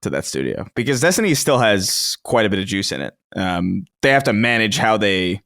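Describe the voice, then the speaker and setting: A man's voice: on the low side, big pitch swings, normal speed, vocal fry, a bit bright. A man co-hosting a video game podcast, talking casually and animatedly, with frequent laughs and casual swearing. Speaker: podcast co-host. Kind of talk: casual chat.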